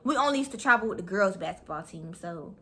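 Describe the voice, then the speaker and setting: A young woman telling a story to her viewers in a blunt, profane, animated way. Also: medium pitch, quick pace, husky. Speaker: vlogger. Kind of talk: storytime vlog.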